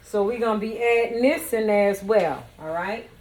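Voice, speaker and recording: A woman's voice: mid-range voice, normal speed, a little mellow. A woman cooking in her home kitchen, chatting playfully and talking straight to her viewers. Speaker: home cook and vlogger. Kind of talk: casual cooking demonstration.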